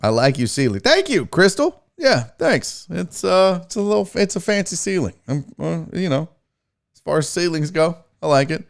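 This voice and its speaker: Playful, animated male sports-show host. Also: fairly high pitch, moderate pace, gravelly. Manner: joking, playful banter. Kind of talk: casual livestream chat.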